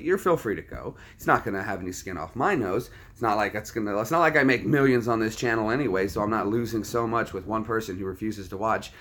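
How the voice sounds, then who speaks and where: A man hosting a casual live stream, calmly lecturing and brushing off trolls. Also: on the low side. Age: adult, military background. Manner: calm, lecturing, dismissive of trolls. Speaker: livestream host.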